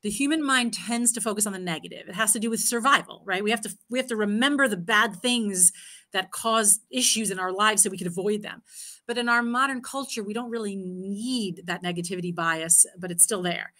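A woman in her thirties or forties with a bright, clear tone gives parenting advice in a live Q&A. She talks earnestly and leans on "you know" and "um" between thoughts. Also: medium pitch, fairly quick. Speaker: parenting speaker. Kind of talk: live Q&A answer.

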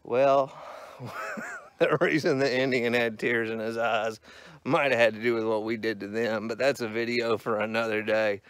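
A man's voice: medium pitch, fairly even intonation, normal speed, fairly bright tone, clear, resonant tone. A man, ranting profanely about roadside litter in a casual satirical vlog, walking outdoors along a country road. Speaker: vlogger.

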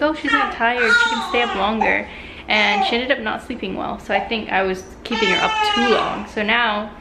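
A woman's voice: on the high side, very noisy. A young woman, a mother, talking casually in a home vlog and switching into sing-song baby talk for her infant. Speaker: vlogger, mother. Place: home kitchen indoors.

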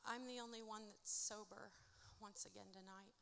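Performing rhymed spoken word live on a theatre stage, this Indiana woman tells her story bluntly and swears a lot. Her voice is medium in pitch, gravelly, pushed and bright, with a steady tone and moderate pace. There's slight background noise behind her.

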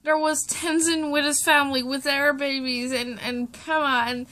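A young woman on a reaction vlog, choked up and tearful, talking in halting, broken sentences that trail off, with plenty of swearing. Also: high voice, little pitch movement, bright, forceful tone. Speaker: vlogger.

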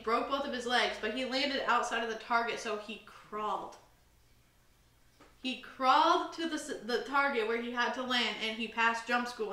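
With a fairly high, sharp-toned voice, a young woman co-hosts a casual podcast chat, rambling through her stories with lots of fillers. The recording sounds roomy, from a slightly distant mic.

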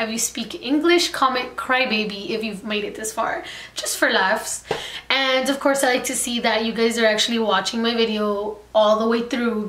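A young woman vlogger telling a storytime in a chatty way, full of "like" fillers. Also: on the high side. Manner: chatty, heavy filler "like", animated retelling. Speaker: makeup artist and beauty vlogger. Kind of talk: casual storytime chat. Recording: echoey room.

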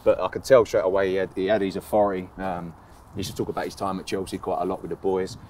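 A man in his thirties with a very low, deep voice looks back on his playing days. He talks in a relaxed, rambling way, full of fillers and easy laughs, with a faint hiss of noise under the recording. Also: fast. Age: 30s. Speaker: footballer being interviewed. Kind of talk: casual interview recollection.

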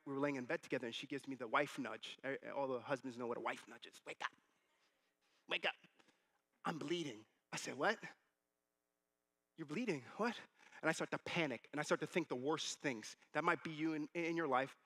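A man in his thirties preaching a sermon as pastor, telling stories and acting out the quoted voices. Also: on the high side. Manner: animated storytelling, acting out quotes.

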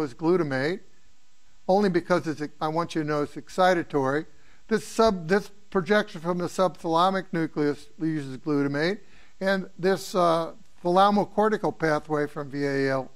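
Older male professor from the Midwest, higher-pitched voice, chatty review lecture full of asides. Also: fairly bright tone. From American Midwest. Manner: rambling, anecdotal, asks students questions. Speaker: neuroanatomy professor. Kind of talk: informal exam review lecture.

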